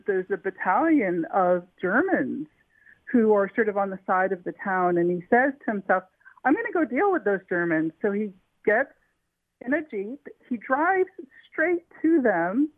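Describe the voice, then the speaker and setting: A woman's voice: mid-range voice, no room sound. A woman author being interviewed, telling a story eagerly, with frequent restarts and fillers. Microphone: telephone. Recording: tinny phone line, dry.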